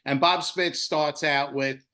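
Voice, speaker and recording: Guy on a video call telling a big story, kinda high voice, gets all worked up and choked up. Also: takes it slowly. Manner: animated, emotional, with swearing. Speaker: guest shop owner. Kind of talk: casual storytelling.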